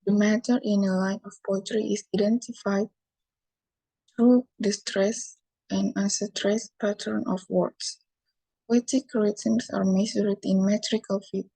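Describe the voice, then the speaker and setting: A woman's voice: mid-range voice, fairly even intonation, unhurried, gravelly, mellow, no room sound, rough recording. A young woman from Indonesia with an Indonesian accent, giving a careful bilingual classroom presentation that moves between English and Indonesian. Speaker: student presenter.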